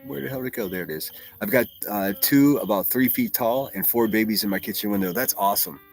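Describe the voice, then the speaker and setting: A man's voice: on the low side, quick pace, faint music behind. A man from Pittsburgh with a Pittsburgh accent, hosting a livestream and chatting casually and profanely while reading out names from the chat. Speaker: livestream host.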